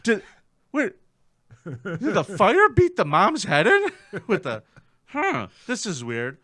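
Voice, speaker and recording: A man co-hosting a comedy podcast, telling a crime story in a profane, animated way and acting out the people in it. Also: sits high, takes it slowly. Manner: profane, animated, acts out quotes. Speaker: podcast co-host.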